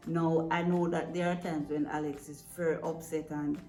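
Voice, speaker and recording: Woman, lowish voice, earnest parenting advice, echoey room, faint music behind. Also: flat delivery, normal speed, mellow. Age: adult parent. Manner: earnest and direct, checks in with "right?". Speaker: parent coach giving advice.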